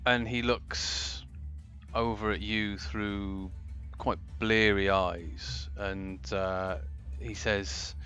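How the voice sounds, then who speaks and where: A man running a tabletop game as game master, describing scenes in an unhurried, hesitant way. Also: lowish voice, fairly even intonation, sharp tone, highs cut off, faint music behind.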